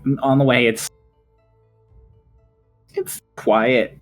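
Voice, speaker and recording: A man running a tabletop game as game master, setting scenes in a hushed, unhurried way. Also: medium pitch, fairly even intonation, faint music behind.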